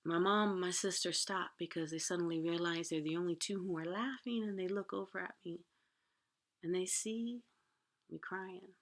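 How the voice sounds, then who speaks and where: A woman telling a personal story from her own life, moving between hushed whispers and loud, pleading outbursts. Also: fairly low pitch, steady tone, normal speed.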